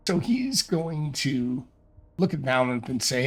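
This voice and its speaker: A man running a solo tabletop game, narrating and thinking aloud in a halting, hesitant way. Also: medium pitch, sing-song, husky. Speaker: solo game master and player.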